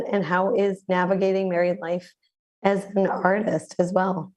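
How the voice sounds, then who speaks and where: A woman hosting a community radio interview, hoarse and raspy from the flu, chatting in a relaxed way with many fillers over a video call. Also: medium pitch, a little slow. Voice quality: raspy, smoky. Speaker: radio show host.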